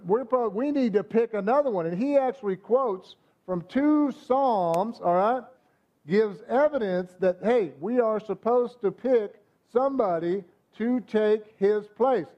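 Preacher with a high, lively voice. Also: male voice, dull audio. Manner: conversational preaching, frequent "amen?" asides to the congregation. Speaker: pastor. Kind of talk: sermon.

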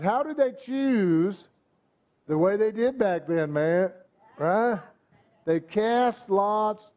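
A man's voice: high-pitched, highs cut off. A man preaching a sermon, talking conversationally and often asking the congregation "amen?". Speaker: pastor.

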